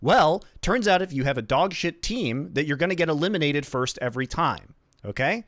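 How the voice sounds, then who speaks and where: A man with a slightly higher voice hosts an esports talk show, arguing his points emphatically and swearing freely. The sound is dry and close, with no room around him. He winds up into long, forceful explanations. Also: expressive, moderate pace, dry recording. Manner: emphatic, profane, launches into rants. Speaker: podcast host. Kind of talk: esports discussion.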